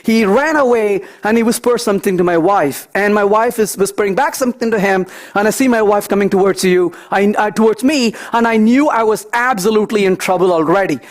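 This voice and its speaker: A man giving a technical conference talk, walking through live code and telling lively anecdotes as he thinks aloud. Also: high voice, a little fast, few pauses. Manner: animated, storytelling asides, thinks aloud. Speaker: conference speaker.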